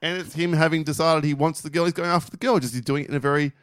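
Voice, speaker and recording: A man's voice: a little high, fairly even intonation, very fast, clean tone, dry recording, clean studio sound. A man co-hosting a podcast, chatting casually with blunt, sweary opinions. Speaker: podcast co-host. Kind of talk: casual chat.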